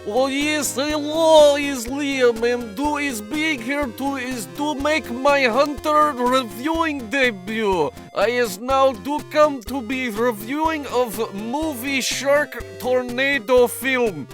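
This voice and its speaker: A man putting on a bumbling character with a deliberately bad fake accent and broken grammar. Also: very high voice, music in the background, voice pushed up. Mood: goofy. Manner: garbled grammar, sing-song delivery.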